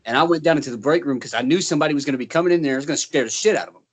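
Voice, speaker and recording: A man's voice: fairly high pitch, very fast. A man co-hosting a casual chat podcast, telling funny work stories and laughing often as he tells them. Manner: giggly, laughs through his stories. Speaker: podcast co-host.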